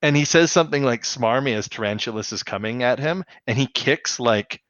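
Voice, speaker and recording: A man's voice: medium pitch, a little fast, a bit bright, no room sound, lo-fi sound. A man co-hosting a podcast in casual chat, retelling things in a rambling way full of fillers and restarts. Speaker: podcast co-host. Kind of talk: casual chat recapping a cartoon episode.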